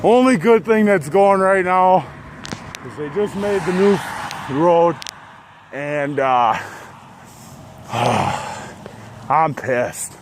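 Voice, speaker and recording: A man's voice: a little high, expressive, takes it slowly. A man out of breath, venting and swearing with frequent sighs as he cycles outdoors along a road. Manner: frustrated, swearing, sighing between phrases. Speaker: vlogger. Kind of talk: venting monologue while cycling. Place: outdoors on a road, riding a bike. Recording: wind and traffic noise. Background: traffic and wind noise.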